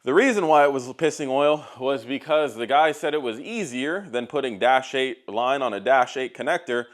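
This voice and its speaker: A man's voice: mid-range voice, normal speed. A man who makes car videos, ranting casually to camera in a blunt, profane, exasperated storytelling style. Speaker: car YouTuber.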